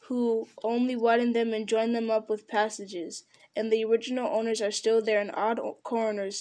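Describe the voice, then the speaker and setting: A woman reading a fantasy storybook aloud, unhurried, with small slips and restarts. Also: on the high side, darkish tone. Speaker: reader.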